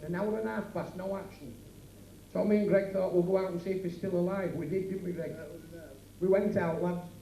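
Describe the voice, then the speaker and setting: A man's voice: high-pitched, dark tone, a little hiss or hum. A man with a Yorkshire accent doing a bawdy stand-up routine at a working men's club, bantering brashly with the crowd. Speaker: club comedian. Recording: echoey club from far off, faint ambience, 1980s.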